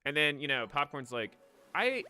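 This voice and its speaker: A man's voice: mid-range voice, animated, moderate pace, bright, forceful tone. A young man on a late-night game stream, rambling emotionally about a lost pet, choked up at times. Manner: rambling, emotional, with restarts and swearing.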